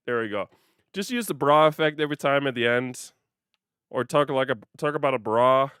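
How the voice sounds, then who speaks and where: A man chatting through a casual gaming livestream, playful and quick to laugh as he talks to his viewers. His voice is smooth and clear, recorded close on the mic in a dry space with no room echo. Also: mid-range voice, fairly bright tone.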